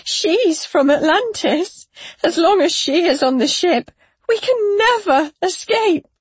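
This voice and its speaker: A woman's voice: fairly high pitch, measured pace, breathy edge, dry recording. A woman voicing a desperate young mother, pleading and close to tears. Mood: anguished.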